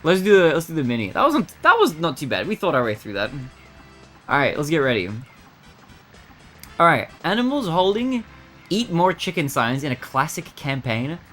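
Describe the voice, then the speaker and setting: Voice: mid-range voice, big pitch swings, moderate pace, fairly bright tone, faint music behind. A streamer thinking aloud while solving word puzzles, muttering guesses and laughing often.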